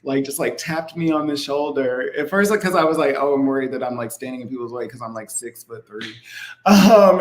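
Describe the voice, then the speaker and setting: A lively guest chatting in a casual interview, laughing often and peppering the talk with fillers. The voice sits at an everyday mid pitch. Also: male voice. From not from New Orleans. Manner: animated, laughing, lots of "like" fillers. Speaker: actor guest.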